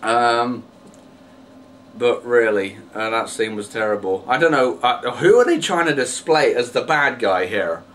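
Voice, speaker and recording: A man vents in a loose, rambling rant, full of fillers and false starts. His pitch sits mid-range, and he sounds a little distant from the mic. A faint hiss runs underneath. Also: lively intonation, unhurried, a bit bright. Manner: exasperated, rambling, many fillers and restarts. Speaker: vlogger. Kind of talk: casual rant to camera.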